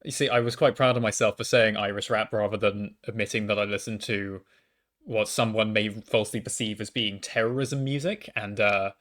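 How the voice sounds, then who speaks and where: Speaking at a moderate pace with fairly even intonation, a young man's slightly bright, lowish voice carries a casual storytime told into a mic at home. The university student, a young adult, frequently stammers and starts over, adding self-deprecating asides.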